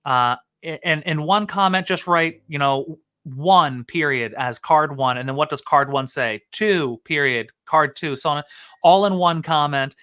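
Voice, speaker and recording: A man's voice: fairly high pitch, unhurried, bright, forceful tone, clear, resonant tone. A man hosting a comedy stream, chatting casually to camera in a rambling, self-mocking way and laughing often.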